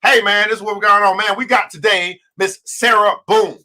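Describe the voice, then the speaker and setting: A man's voice: high voice, fairly even intonation, moderate pace, sharp tone, slight background noise. A man hosting a livestreamed finance show, talking straight to his viewers and greeting them by name, in a fired-up, preacher-like way that stretches out key words. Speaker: host.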